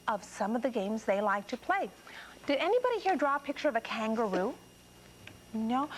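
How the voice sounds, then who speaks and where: A woman's voice: high-pitched, poor audio. A woman hosting a children's TV show, talking to young children in a cheerful, encouraging way.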